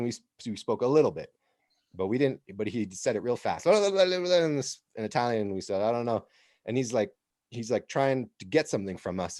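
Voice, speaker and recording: A man's voice: mid-range voice, a little mellow, dry recording, clean studio sound. A man from the United States, co-hosting a podcast and telling a rambling story in a casual way. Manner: rambling, with frequent restarts and laughs. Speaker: podcast co-host.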